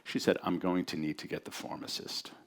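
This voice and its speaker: A man's voice: low-pitched, level tone, a little fast. A man reading the lines of a suspicious woman pharmacy clerk in a story, with terse, clipped questions. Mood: curt.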